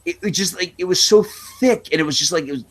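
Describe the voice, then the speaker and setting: A man co-hosting a podcast, chatting casually about a movie, halting and quick to laugh. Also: high-pitched. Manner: laughs easily, lively, halting. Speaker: podcast co-host. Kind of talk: casual movie review chat.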